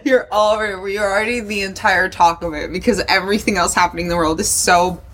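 A woman's voice: medium pitch, fairly even intonation, fast, a bit bright. A young woman co-hosting a podcast, reacting in playful, casual chat and cursing freely. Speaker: podcast co-host.

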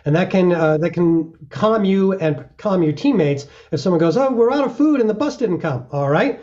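Heard through a dull, lo-fi recording, a middle-aged man with a mellow voice a little high for a man speaks as a mountaineer interview guest. He's earnest, steady, and reflective, dropping into small acted-out examples.

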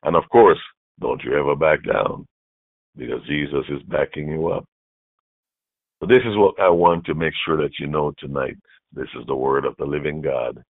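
Very deep gravelly preacher, phone-thin sound. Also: male voice, moderate pace, no room sound. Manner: emphatic, repeats key phrases, swings from hushed to loud. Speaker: bishop preaching. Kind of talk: sermon. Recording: dry, phone-like narrow sound.

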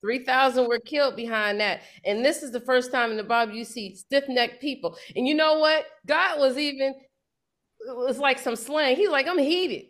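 Lively woman teaching scripture. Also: high-pitched, normal speed. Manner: lively, colloquial, acts out quotes with slang. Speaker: congregation teacher leading Torah portion study. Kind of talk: animated Bible study teaching.

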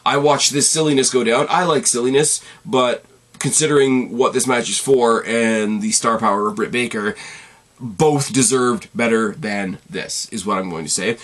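A man from Canada talks through a wrestling show in a casual solo recap. His tone is sarcastic and profane, and he keeps tossing in dry, deadpan asides. His voice sits at an ordinary middle pitch for a man. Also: normal speed.

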